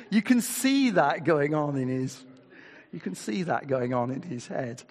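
A man's voice: fairly high pitch, big pitch swings, unhurried, darkish tone, breathy edge, long reverb tail. An older man preaching a sermon in a chatty way, reading scripture aloud and asking his listeners rhetorical questions.

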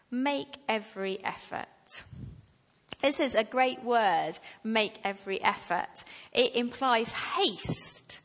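A woman preaching a sermon to her church, slow and deliberate, rising to emphatic passages. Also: on the high side. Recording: long reverb of a hall.

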